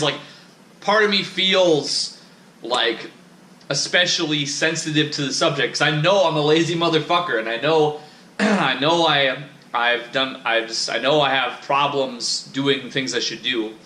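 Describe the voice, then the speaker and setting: A man's voice: mid-range voice, bright, forceful tone, reverberant, a little hiss or hum. A man vlogging in a casual, rambling monologue, profane and self-critical, with many restarts.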